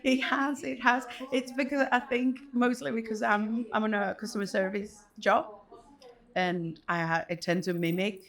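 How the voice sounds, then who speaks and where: A woman's voice: a little high, steady tone, normal speed, a bit bright. A woman from Mexico answering interview questions in a chatty way, laughing between thoughts.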